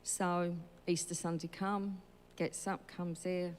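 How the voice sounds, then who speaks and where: A woman's voice: lowish voice, little pitch movement, slow, slight background noise. A woman telling her church testimony in a chatty, storytelling way, acting out the dialogue. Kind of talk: casual spoken testimony. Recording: long hall reverb.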